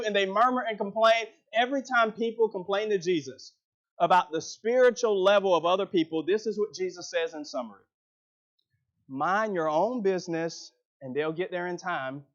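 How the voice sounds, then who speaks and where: Man preaching with a high, emphatic voice. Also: moderate pace, dull audio. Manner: emphatic, rising and dropping for effect. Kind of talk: sermon.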